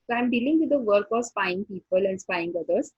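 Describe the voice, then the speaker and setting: A woman, teaching a story and explaining each line slowly, repeating points and checking with "okay". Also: medium pitch, lively intonation, breathy edge, no room sound, highs cut off. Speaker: English teacher. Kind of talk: classroom lesson explaining a story.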